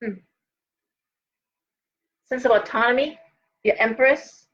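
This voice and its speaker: A woman's voice: a little high, slow, fairly bright tone, muffled recording. A tired middle-aged woman hosting a live tarot reading, talking in a chatty, rambling way with many restarts and asides. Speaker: host and tarot reader.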